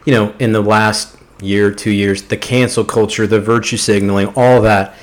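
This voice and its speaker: A man hosting a casual podcast chat, animated and opinionated, swearing freely. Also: lowish voice, normal speed. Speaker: podcast host.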